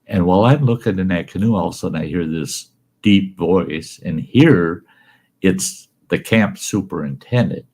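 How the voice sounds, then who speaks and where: A man's voice: sits low, moderate pace, a little mellow, breathy edge. A man host telling a folksy, salty story about his own past.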